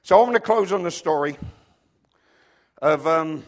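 A male preacher delivering a sermon, swinging between loud emphatic declarations and quiet joking asides. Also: on the high side, animated, moderate pace. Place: church hall with stage lights.

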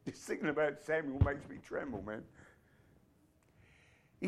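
Fervent preacher, a man with a raised pitch. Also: unhurried, pauses often. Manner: fervent, rising to shouts. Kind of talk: sermon.

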